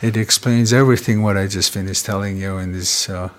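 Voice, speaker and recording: A man from Canada telling traditional star stories in an unhurried, conversational way, often tagging his phrases with "eh?". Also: sits low, steady tone. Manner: unhurried, repetitive, ends phrases with "eh?". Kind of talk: casual storytelling conversation.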